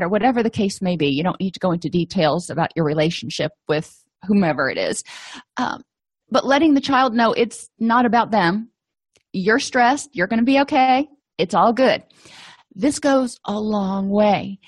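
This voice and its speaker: A woman's voice: mid-range voice, animated, normal speed, no echo. A middle-aged woman presenting an educational lecture in a conversational, anecdotal way, with frequent fillers.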